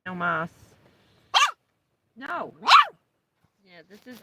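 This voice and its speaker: A woman's voice: medium pitch, lively intonation, measured pace, very noisy. A middle-aged woman chatting casually on a live stream, talking to her dog in a coaxing raised voice and telling stories. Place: parked vehicle on a rainy day.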